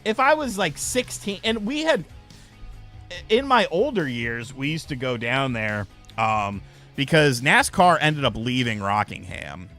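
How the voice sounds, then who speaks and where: A man's voice: mid-range voice, bright, forceful tone. A young man hosting a casual live stream, telling stories loosely and swearing freely.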